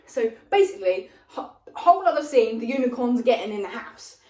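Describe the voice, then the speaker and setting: Young woman, high-ish voice, chatty rambling retelling, recorded on a phone across an echoey room. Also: brisk, distant mic. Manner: rambling and animated, with lots of fillers. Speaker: vlogger retelling a film plot. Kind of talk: casual rambling plot retelling. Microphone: phone propped up at a distance. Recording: roomy, voice off the phone mic.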